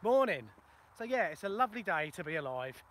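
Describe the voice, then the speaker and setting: High, bright-voiced man. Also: sing-song, brisk. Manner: chatty, self-mocking, answers viewer questions. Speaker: plumber and video host. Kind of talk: casual live-stream chat while walking. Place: outdoors in a ploughed field in the countryside. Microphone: phone for a live video.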